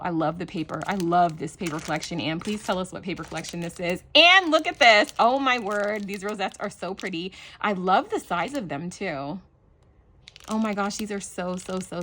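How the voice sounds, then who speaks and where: A woman hosting a crafting channel, chatting casually to camera as she unboxes a swap package, gushing and excited, with lots of "like" and "you know" fillers. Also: fairly low pitch, normal speed, a little hiss or hum.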